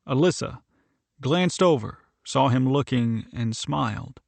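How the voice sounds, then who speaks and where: Male audiobook narrator, gravelly texture, dry close recording, measured reading. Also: medium pitch, dry recording. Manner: even, measured storytelling. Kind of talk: scripted narration.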